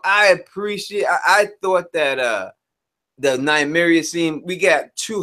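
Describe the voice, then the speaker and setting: Give me a laid-back man on a casual live stream, a bit high-pitched, greeting the chat. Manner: laid-back, chatty, shouts out chat viewers. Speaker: co-host of a live review show.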